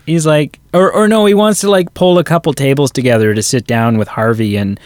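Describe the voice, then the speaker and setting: Speaking a little fast in a mid-range, darkish voice, a male podcast co-host casually reviews a movie, walking through scenes and quoting dialogue. The recording has no room sound.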